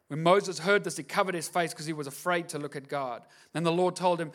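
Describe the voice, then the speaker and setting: A man with a fairly high voice preaching a sermon. He retells scripture in a casual, slangy way. He slips in playful impressions and rhetorical questions to the congregation. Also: a little fast, few pauses, a bit bright. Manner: casual slangy storytelling with acted-out asides. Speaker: pastor.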